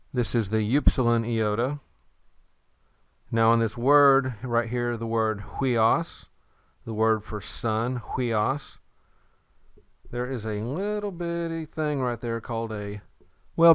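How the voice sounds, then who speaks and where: Male language teacher, patient and unhurried, smooth clear voice, close dry recording. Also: medium pitch, no room sound. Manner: slow, patient, repeats words for the learner. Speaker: Greek teacher.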